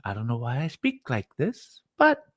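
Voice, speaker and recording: Rambling man with a lively, bouncing voice. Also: mid-range voice, moderate pace. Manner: joking, rambling, slips into mock ad announcer voices. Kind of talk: casual livestream chat.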